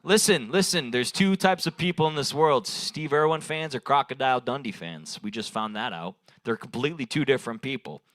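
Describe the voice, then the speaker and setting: A man's voice: mid-range voice, animated, fairly quick, hardly any pauses, a bit bright, dry recording. A young man doing rambling improvised stand-up at an open mic, taking audience suggestions and laughing at his own jokes. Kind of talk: improvised stand-up crowd work. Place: bar stage at an open mic night.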